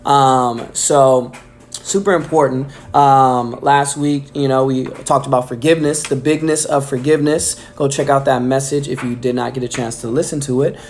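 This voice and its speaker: A man's voice: mid-range voice, fairly even intonation, normal speed. A man delivering a casual weekly devotional message, enthusiastic and filling his talk with "man" and "um". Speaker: preacher.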